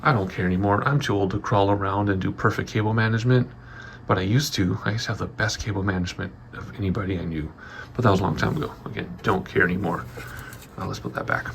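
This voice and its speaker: A man with a fairly low, gravelly voice talks fast, a little out of breath, as he gives a chatty, rambling vlog-style walkthrough of his home office studio. He says "um" often, and the recording has a little hiss or hum.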